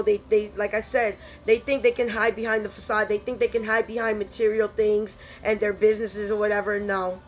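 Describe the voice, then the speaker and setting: A woman giving a spiritual tarot reading, blunt and scolding, full of streetwise slang. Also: mid-range voice. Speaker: tarot reader.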